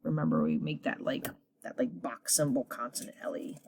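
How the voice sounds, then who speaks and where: A woman teacher leading a children's reading lesson, encouraging her class and sounding words out slowly at a board. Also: a bass voice, sing-song, a little mellow, slightly rough, no room sound.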